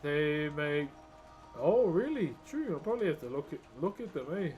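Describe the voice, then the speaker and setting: A man's voice: on the high side, very animated, moderate pace, darkish tone, faint music behind. A man, chatting casually with viewers on a live stream and telling jokey stories, laughing often. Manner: laid-back, jokey storytelling with frequent laughs.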